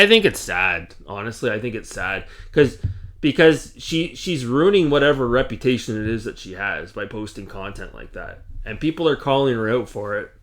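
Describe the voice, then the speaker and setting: Canadian guy ranting at his camera, fed up, keeps repeating himself, mid-pitched voice. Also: bright, forceful tone. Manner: exasperated, repetitive ranting. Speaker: gaming channel host. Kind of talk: casual rant to camera.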